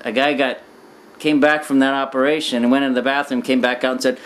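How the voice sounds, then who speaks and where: A man casually telling a rambling anecdote, full of "you know" and "like", acting out quoted lines with sudden pitch jumps. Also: little pitch movement, fast, a bit bright, slight background noise. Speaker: storyteller.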